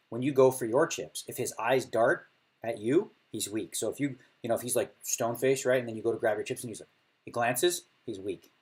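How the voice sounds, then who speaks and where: A man's voice: mid-range voice, breathy edge. A middle-aged man casually chatting while streaming poker, laughing often and acting out other players' table talk. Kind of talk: casual chat.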